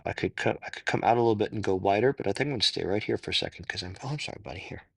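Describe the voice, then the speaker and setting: Low-pitched man with a gravelly edge, easygoing and self-correcting as he talks through floor stretches. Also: rapid-fire, fairly bright tone, dry recording. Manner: thinks aloud, self-correcting, grunts with effort. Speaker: stretching instructor. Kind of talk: casual spoken walkthrough of stretches.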